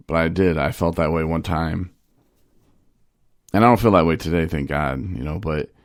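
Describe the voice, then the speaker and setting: Super deep gravelly guy just talking, rambling story, dry mic. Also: no echo. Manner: candid, rambling, with filler "you know". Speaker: podcast host in recovery. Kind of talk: personal storytelling monologue.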